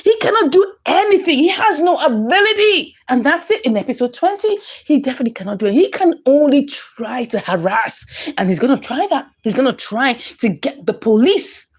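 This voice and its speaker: A woman, recapping a drama episode in an excitable way, often laughing and exclaiming. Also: sits high, fairly quick, breathy edge. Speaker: movie recap commentator.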